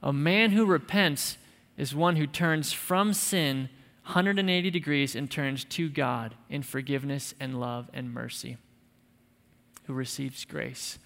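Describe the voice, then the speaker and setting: A man's voice: mid-range voice, measured pace, creaky, fairly bright tone, big-room sound. A man preaching a sermon to men, emphatic and conversational, with touches of light humor. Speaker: pastor.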